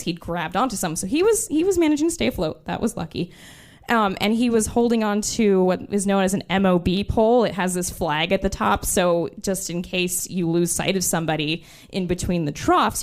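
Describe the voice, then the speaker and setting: A woman in her twenties telling a true story on stage, animated and laughing as she goes. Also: medium pitch. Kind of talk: live storytelling.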